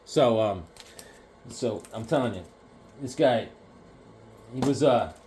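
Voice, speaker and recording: A man chatting casually about comic books, jokey and animated, now and then acting out the characters. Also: medium pitch, slow, slight background noise. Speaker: comic collector vlogger. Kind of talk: casual chat.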